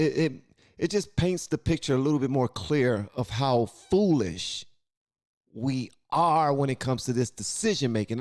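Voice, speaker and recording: A man's voice: on the high side, a little mellow, no room sound, studio quality. A man hosting a reaction video, talking in a loose, colloquial way and often repeating himself. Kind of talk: casual reaction commentary.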